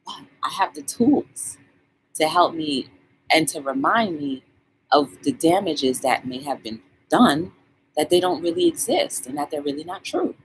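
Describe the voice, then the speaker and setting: A woman hosts a live-streamed talk show, talking to her audience in a relaxed, colloquial way. Her pitch swings widely as she talks. A faint hum sits behind her voice. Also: a little slow. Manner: animated, shouting out viewers by name; colloquial, conversational. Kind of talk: casual live-stream chat.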